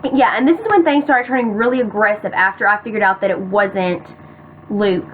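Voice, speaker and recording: In a casual storytime video, a late-teen woman tells the camera a personal story at a slightly fast clip in a medium-pitched voice. She's chatty, says "like" a lot, and keeps addressing "you guys." The audio is tinny and phone-like, with a faint hiss.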